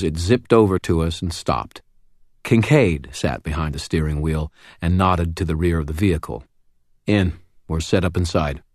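A man reading first-person audiobook narration in a measured, even storytelling manner. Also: low voice, dry recording, clean studio sound.

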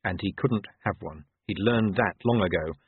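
A man narrating an audiobook in a measured, expressive way. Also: low voice, husky, dry recording. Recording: tinny phone-like dry sound.

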